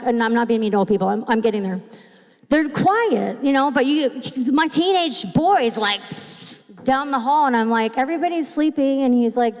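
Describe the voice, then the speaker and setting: Chatty woman pastor, high voice. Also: darkish tone. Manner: chatty, conversational preaching with fillers; acts out quoted voices. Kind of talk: sermon. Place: church sanctuary. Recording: long hall reverb.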